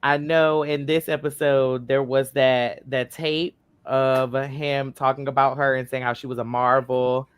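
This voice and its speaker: A man on a panel chat talks on and on, piling one thought onto the next with real enthusiasm. His voice sits at a middling pitch and sounds dry and close. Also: measured pace, few pauses, clean tone, no room sound. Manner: rambling, animated explaining. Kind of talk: casual group chat.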